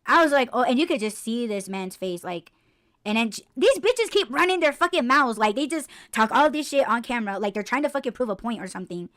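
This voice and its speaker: Woman podcast co-host, casual and profane, animated storyteller. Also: on the high side, fairly quick. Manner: animated storytelling, heavy swearing and "like" fillers. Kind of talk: casual chat.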